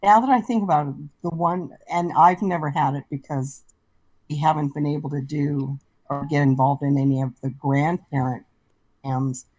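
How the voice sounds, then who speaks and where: A woman guest in a casual online chat, earnest and thoughtful, pausing as she talks. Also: low-pitched, fairly even intonation, darkish tone, no room sound, poor audio. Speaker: guest scambaiter. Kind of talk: casual video-call chat.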